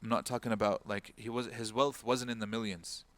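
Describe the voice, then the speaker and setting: A man's voice: on the low side, steady tone, fairly quick, a bit bright, no room sound. A man giving an informal religious talk as an imam, telling a story and acting out the people in it with a raised voice, and dropping Arabic words and phrases into his speech. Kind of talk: talk-style religious lecture.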